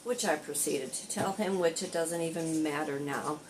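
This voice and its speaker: An older woman, a content creator who also tends bar, telling a rambling story in a casual vlog and going animated when she quotes people. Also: low-pitched, normal speed, a little hiss or hum, low-quality recording. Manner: rambling, chatty, animated when quoting others.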